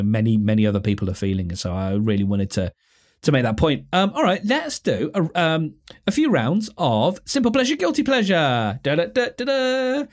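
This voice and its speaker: A man's voice: medium pitch, darkish tone. A man hosting a solo podcast, chatting casually in a rambling, self-deprecating way. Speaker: podcast host.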